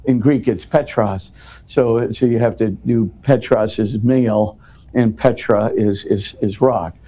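A man's voice: lowish voice, fairly even intonation, a little slow, warm tone. A man speaking as an interview guest, explaining at length in an earnest, conversational way and often restarting his words.

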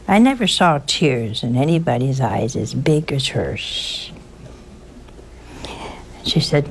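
A woman's voice: sits low, expressive, slow pace, a little hiss or hum. A woman giving an informal sermon, telling chatty, teasing stories with a folksy touch. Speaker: religious speaker.

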